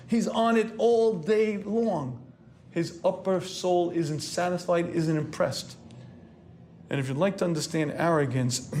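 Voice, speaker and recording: A man, a rabbi, preaching a sermon in an earnest, lecturing way, often clearing his throat as he goes. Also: on the high side, darkish tone, slight background noise.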